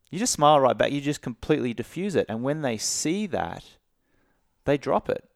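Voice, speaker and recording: A man from Australia, a guest coach on a podcast, who talks in an animated way and acts out little dialogues in different voices. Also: medium pitch, normal speed, vocal fry, no echo, clean studio sound. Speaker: guest, alcohol-free coach.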